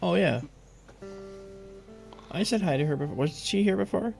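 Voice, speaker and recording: A man's voice: sits high, expressive, normal speed, gravelly, a little mellow, soft background music. A man hosting an astronomy livestream, explaining things step by step in a loose, casual way.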